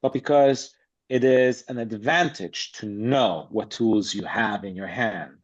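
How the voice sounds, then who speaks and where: A man's voice: fairly low pitch, unhurried. A man speaking as a podcast guest about acting, blunt and emphatic in a streetwise way. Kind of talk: casual interview chat. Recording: slightly dull lo-fi sound.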